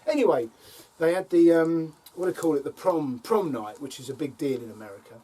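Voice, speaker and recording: Heard at a distance with faint outdoor ambience, an older man on his allotment talks fairly quickly in a husky, dark voice that sits on the high side. He casually relates funny anecdotes to the camera, with lots of ums and chuckles along the way.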